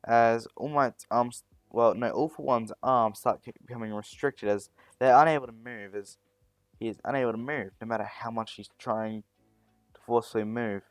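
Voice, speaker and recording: A man's voice: medium pitch, fairly even intonation, moderate pace, no room sound, faint music behind. A man narrating a fan story, often stopping to correct himself as he goes. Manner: rambling, self-correcting.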